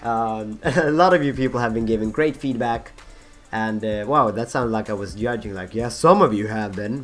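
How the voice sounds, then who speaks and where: A young man with a husky voice rambling through casual gameplay commentary, full of fillers, restarts and self-mocking asides. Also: medium pitch. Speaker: gaming channel host.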